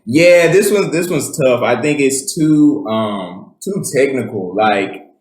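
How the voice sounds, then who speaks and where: Speaking slowly and expressively in a mid-range voice, a male podcast co-host keeps things casual. His chat wanders, packed with fillers and false starts, in a recording with a roomy echo.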